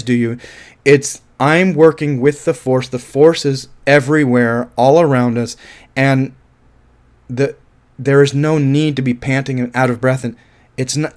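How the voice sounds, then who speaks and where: A man's voice: mid-range voice, steady tone, unhurried. A man giving a casual, rambling film review, thinking aloud and often restarting his sentences.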